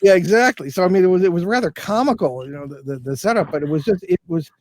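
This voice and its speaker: This is a high, fast voice with a darkish tone and no echo, belonging to an older man who investigates the paranormal. As a guest in a casual storytelling interview, he wanders through a long tale full of restarts and fillers.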